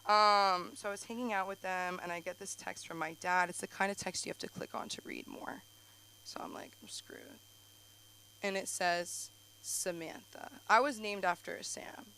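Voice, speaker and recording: A young woman hosting a live stand-up night on a club stage. Her voice is bright and forward, and she rambles through self-deprecating jokes with quick asides. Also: mid-range voice, steady tone, a little hiss or hum, low-quality recording. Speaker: stand-up comic and show host.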